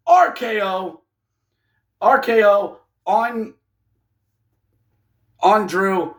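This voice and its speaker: A man with a fairly high voice talks through a wrestling event in a loose, casual monologue. He gets excitable and jokey, often acting out quick lines for the people he describes. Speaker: wrestling reviewer.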